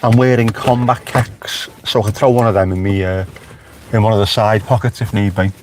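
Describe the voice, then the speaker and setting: A man's voice: lowish voice, fairly even intonation, fairly quick, slight background noise. A man with a Liverpool accent, chatting casually on a live stream from inside his car with wry asides to viewers. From Merseyside, England. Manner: chatty, wry, talks back to live chat.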